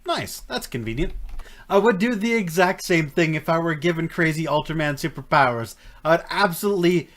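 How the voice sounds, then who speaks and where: Guy with a high voice doing snarky reaction commentary, mocks everything, laughs a lot. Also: expressive, fairly quick, a bit bright. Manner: sarcastic, mocking, laughs often. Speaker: reaction video host.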